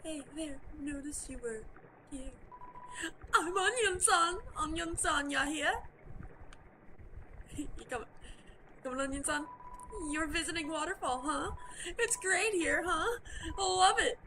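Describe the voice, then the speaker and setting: A woman putting on a soft, sing-song sea creature, Onion-san. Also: high-pitched, slow, pauses often, noisy background, pitched above the performer's own voice. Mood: cheery. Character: friendly lonely sea creature, cheerful. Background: game music.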